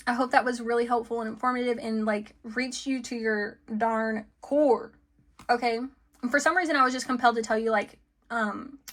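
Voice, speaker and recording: A woman's voice: fairly high pitch, a bit bright. Giggly, chatty woman reading tarot. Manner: chatty, lots of fillers and giggles. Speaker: tarot card reader. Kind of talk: casual spiritual reading.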